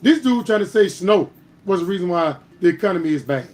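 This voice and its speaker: A man with a strikingly high voice hosts a political commentary stream. He argues with heat, climbing into louder bursts and pinning down each point with a pointed "All right?". His delivery is emphatic and argumentative. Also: animated, fairly quick. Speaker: host.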